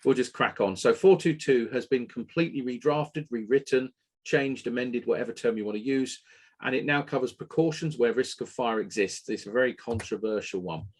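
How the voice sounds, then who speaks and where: Husky, animated man hosting. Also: medium pitch, a little fast. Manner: animated, opinionated, occasional swearing. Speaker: webinar host. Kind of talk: casual technical webinar talk.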